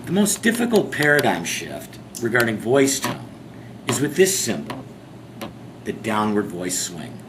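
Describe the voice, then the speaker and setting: Male instructor, animated and playful delivery, faint room hum behind. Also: fairly low pitch, a little slow. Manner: lively, jokey teacher tone. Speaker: class presenter. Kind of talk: instructional presentation.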